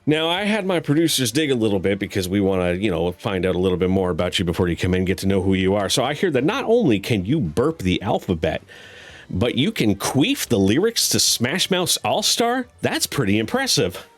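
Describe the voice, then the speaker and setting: Low-voiced joking game show host. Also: male voice, very animated, brisk. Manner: joking, teasing, bawdy patter. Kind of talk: streamed game show hosting.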